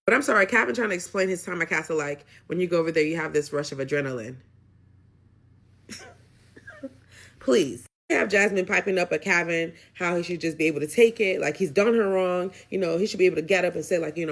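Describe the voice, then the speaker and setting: A woman's voice: lowish voice, fast. Sassy blunt woman recapping a show. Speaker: recap vlogger. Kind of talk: casual reality-show recap.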